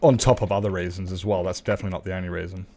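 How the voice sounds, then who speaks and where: A man's voice: sits low, fairly even intonation, rapid-fire, darkish tone. An Australian man chatting casually and candidly as a livestreamer while gaming, swearing freely and laughing often.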